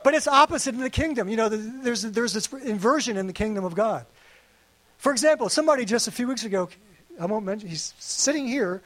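A man's voice: extremely high pitch, expressive, fairly quick, fairly bright tone. A man preaching a sermon to a congregation, earnest and conversational with playful asides. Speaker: pastor. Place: church service.

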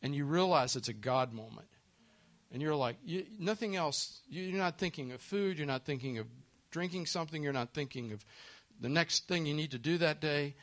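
A man's voice: on the high side, normal speed, fairly bright tone. A man preaching a sermon in an earnest way, often putting questions to his listeners. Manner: earnest, asks listeners questions, acts out quoted voices.

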